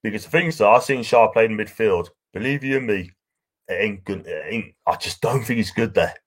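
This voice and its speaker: North east english guy rambling on a livestream, voice on the low side, reading out comments all friendly. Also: normal speed, husky. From North East England. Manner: rambling, chatty, affectionate with viewers. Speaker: livestream host. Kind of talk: casual live chat reading viewer comments.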